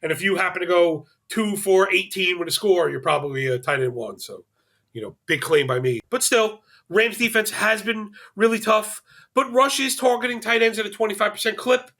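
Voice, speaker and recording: A man's voice: high-pitched, normal speed, bright, forceful tone. A man analyzing fantasy football on a podcast, rattling off stats and slipping in dry jokes. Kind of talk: fantasy sports podcast chat.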